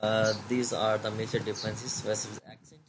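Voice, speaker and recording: A man giving a recorded slide lecture, reading haltingly with many fillers and switching into Hindi to explain. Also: lowish voice, flat delivery, noisy background.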